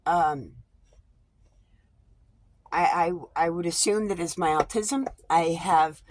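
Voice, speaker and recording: A woman's voice: lowish voice, takes it slowly. A woman vlogging casually from inside a small RV, talking frankly into her camera, swearing freely and often restarting her sentences. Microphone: phone or camera with a wide-angle lens.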